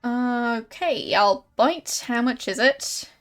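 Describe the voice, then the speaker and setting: Playful high-voiced woman streamer. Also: expressive, slow, faint music behind. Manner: wry, playful, laughs at the game. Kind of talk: casual game commentary.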